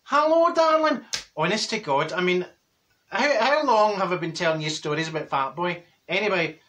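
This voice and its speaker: Marjorie, a blunt Glaswegian wifie. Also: male voice, sits high, expressive, normal speed, a bit bright, a little hiss or hum. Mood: gossipy. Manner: chatty, rambling storytelling, laughs at own jokes. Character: gossipy older Glasgow woman, blunt, cheeky. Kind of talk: comic character monologue.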